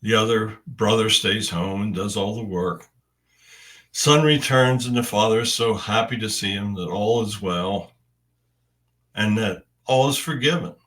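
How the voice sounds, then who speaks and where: A man with a fairly low voice delivers a first-person spiritual message at a very slow, unhurried pace. He speaks in deliberate, halting phrases with long pauses between them. The recording picks him up a bit far from the mic. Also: a bit bright.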